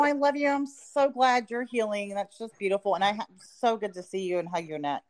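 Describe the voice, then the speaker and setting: A woman's voice: medium pitch, brisk, a little mellow. A woman co-hosting a podcast, chatting casually and rambling with lots of fillers. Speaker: podcast co-host.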